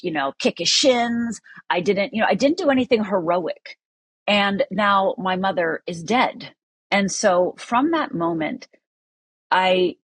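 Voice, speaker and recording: A woman's voice: fairly low pitch, slightly rough, dry recording. A middle-aged woman from Upper Michigan, telling a personal story as a podcast guest in an earnest, candid way with many fillers.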